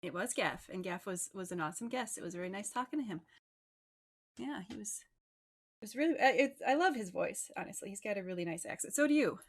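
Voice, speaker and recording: A woman hosting a casual livestream interview show, chatty and bubbly and quick to laugh. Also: mid-range voice, expressive. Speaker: host.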